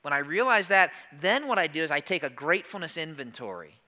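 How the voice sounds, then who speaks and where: Male pastor, sermon, very bright tone, slightly high voice, chatty, rhetorical questions, voices listeners' doubts. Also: sing-song, fast. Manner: conversational, asks rhetorical questions and acts out listeners' objections.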